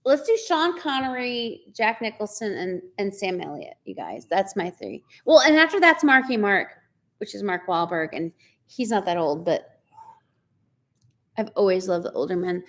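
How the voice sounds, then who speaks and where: A woman's voice: mid-range voice, very animated, moderate pace. A woman in her forties hosting a casual live chat, talking chattily, laughing often and reading out viewer comments. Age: 40s. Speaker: livestream host.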